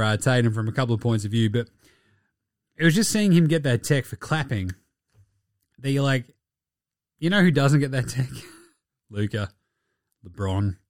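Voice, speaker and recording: A young Australian man hosting a casual solo sports podcast, sweary and laughing through animated asides. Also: mid-range voice, no room sound, clean studio sound. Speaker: podcast host.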